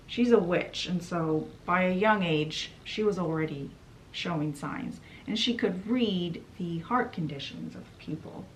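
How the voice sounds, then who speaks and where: A woman's voice: lowish voice, a little hiss or hum. A woman vlogger casually retelling a fantasy book plot, quoting characters in a chatty way. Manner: chatty, quotes characters with "she's like".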